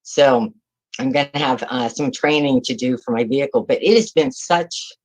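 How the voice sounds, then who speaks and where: A woman's voice: a bass voice, fairly even intonation, normal speed, darkish tone, slightly rough, poor audio. A woman in her sixties from California, a retiring public defender giving heartfelt, emotional farewell remarks over a video call, close to tears.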